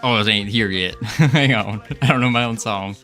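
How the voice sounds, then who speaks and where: A man's voice: fairly low pitch, normal speed, pushed and bright, soft background music. A man chatting casually on a game development livestream, playful and joking with his chat, laughing often.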